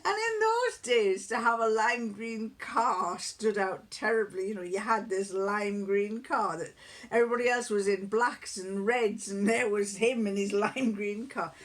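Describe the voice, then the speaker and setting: A woman's voice: mid-range voice, measured pace. A middle-aged woman, chatting casually in a vlog and telling rambling family stories with frequent chuckles. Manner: rambling storyteller, chuckles often, many restarts. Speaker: crafting vlogger. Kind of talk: casual chat.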